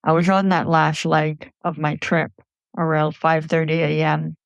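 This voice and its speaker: A woman's voice: sits low, little pitch movement, a little slow, creaky, no echo, lo-fi sound. Woman telling a personal story, dry close mic. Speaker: podcast storyteller.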